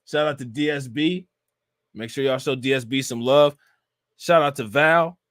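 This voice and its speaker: A man's voice: medium pitch, moderate pace, a bit bright, dry recording, clean studio sound. A man hosting a casual reaction livestream, talking in a loose, slangy way and breaking into laughter. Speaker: livestream host.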